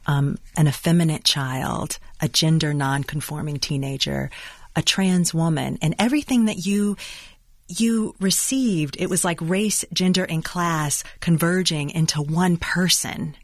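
An interviewer asking questions in calm, deliberate phrasing. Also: mid-range voice, no room sound, clean studio sound.

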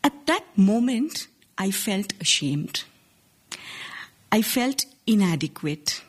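Indian woman in her 40s, husky voice, earnest measured storytelling live on stage. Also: medium pitch, very animated. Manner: earnest, measured, with small restarts. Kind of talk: live first-person storytelling. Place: stage before a live audience.

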